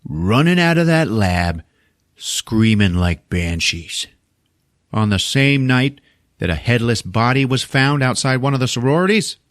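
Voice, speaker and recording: A man voicing a grizzled, jaded male homicide detective who talks in a gruff, sarcastic way. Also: mid-range voice, expressive, measured pace, fairly bright tone, no echo, studio quality.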